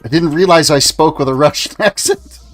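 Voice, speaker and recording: A man's voice: fairly high pitch, fairly quick, a bit bright. Chatty Canadian man in his forties. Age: 40s. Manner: chatty, answering chat aloud. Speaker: gaming livestreamer. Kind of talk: casual gameplay commentary. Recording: faint music behind.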